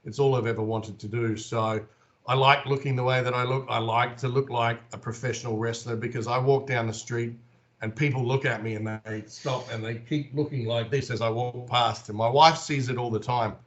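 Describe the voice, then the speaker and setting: A man's voice: medium pitch, steady tone, moderate pace, highs cut off. A man in his forties with an Australian accent, a guest telling stories animatedly in an interview. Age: 40s. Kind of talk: casual storytelling in an interview.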